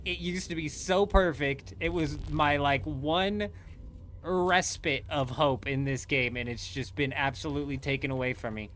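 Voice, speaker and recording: Young man, game streamer, bright tone, playful banter, live commentary. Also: a little high, moderate pace, a little hiss or hum. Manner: playful, trash-talking, animated outbursts.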